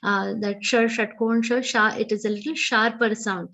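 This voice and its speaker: High-voiced Indian woman teaching recitation. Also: fairly even intonation, sharp tone. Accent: Indian English. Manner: chants verses slowly, then explains pronunciation briskly. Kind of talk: online pronunciation class. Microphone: video call.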